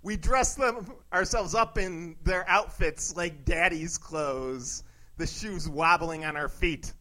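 A man playing a deadpan young bro who delivers grandiose, pseudo-philosophical musings in an improvised comedy bit. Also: a little high, slow pace, low-quality recording.

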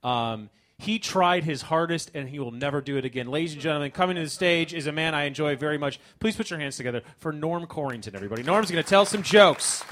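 A man's voice: a little high, fast talker, hardly any pauses, fairly bright tone, a faint crowd. A man hosting a live comedy show on a theater stage, chatty and self-mocking as he stumbles through his banter. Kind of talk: stand-up emcee banter.

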